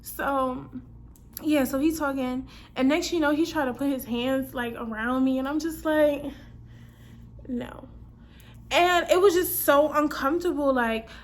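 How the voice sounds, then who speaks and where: A woman's voice: high voice, moderate pace. A woman in her twenties telling a personal story in a casual storytime vlog, chatty and slangy, acting out her own lines and other people's. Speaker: vlogger.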